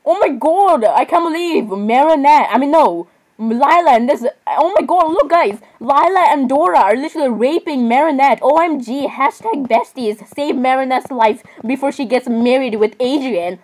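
Excitable high-voiced teenage girl vlogger. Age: teens. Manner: excitable, exclamatory, quick shifts between giggly outbursts and mumbled asides. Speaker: reaction vlogger. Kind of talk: casual reaction commentary.

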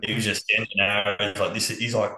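A man's voice: fairly low pitch, little pitch movement, a little fast, bright, forceful tone, echoey room, low-quality recording. An Australian man telling hunting-camp stories as a podcast guest, laid-back and swearing freely. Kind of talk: casual storytelling on a podcast.

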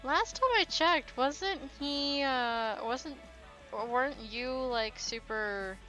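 A woman's voice: high-pitched, slow, bright, forceful tone, soft background music. A woman guest in casual chat, teasing and rambling with fillers. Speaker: co-streamer guest.

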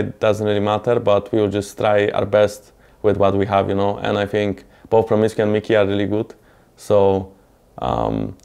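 A man, an esports team player, speaking in a measured way in a documentary interview, often saying "you know". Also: on the low side, creaky, a little mellow, clean tone.

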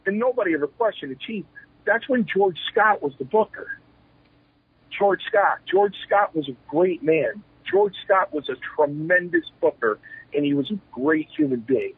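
A man's voice: high-pitched, sing-song, unhurried, vocal fry, slightly rough, no room sound. A man in his forties, a retired pro wrestler, telling candid stories in an interview. He speaks with animation, acts out old exchanges, and often restarts his sentences. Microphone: telephone. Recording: tinny phone line.

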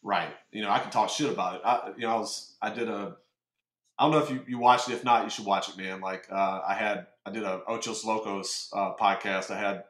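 Profane, animated man in an echoey room. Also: on the low side, brisk. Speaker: podcast host. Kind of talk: casual interview chat.

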